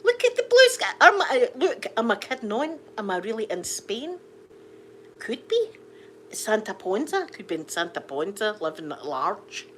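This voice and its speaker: A woman's voice: medium pitch, very animated, measured pace, fairly bright tone, slight background noise. Chatty Scottish woman streaming live. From Scotland. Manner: chatty, rambling, laughs often. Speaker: livestream host. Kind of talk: casual live chat with viewers.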